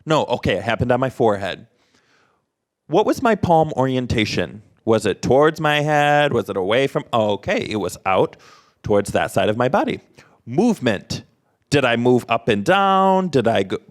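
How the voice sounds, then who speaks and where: A man's voice: medium pitch, very animated, normal speed. A man voicing a presenter at an interactive workshop, quizzing the audience with short prompts and questions.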